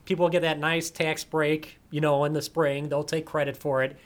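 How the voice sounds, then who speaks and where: A man on a political talk show panel, explaining his points in a measured way. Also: a little high, level tone.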